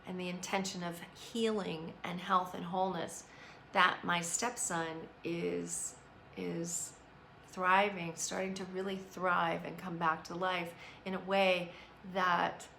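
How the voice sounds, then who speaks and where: A woman with a bright, slightly low voice hosts a live stream. She talks earnestly and reflectively, sprinkling in casual fillers. A faint hiss sits behind her. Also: level tone, slow pace, vocal fry. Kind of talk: casual spiritual self-help talk.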